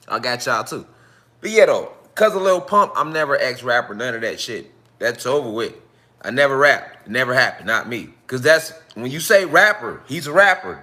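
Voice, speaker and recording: A man hosting a casual livestream as a spiritual teacher, talking in a loose, slangy, profane and repetitive way. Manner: animated, jumps into high-pitched voices when quoting fans.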